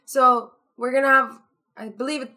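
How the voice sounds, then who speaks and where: A woman's voice: high-pitched, little pitch movement, moderate pace, pushed and bright. A woman co-hosting a casual podcast, chatting and laughing easily with fillers between thoughts. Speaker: podcast co-host.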